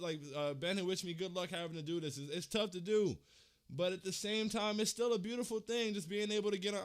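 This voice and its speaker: A young man hosting a fan livestream, talking casually in slang and holding back tears, repeating himself as he thanks his viewers. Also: on the high side. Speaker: fan channel host.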